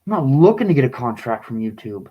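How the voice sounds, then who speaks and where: Guy venting into his camera, halting then angry and pleading, reading his own poem. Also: medium pitch, big pitch swings, highs cut off. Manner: agitated, pleading, rising to bursts of anger. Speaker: vlogger.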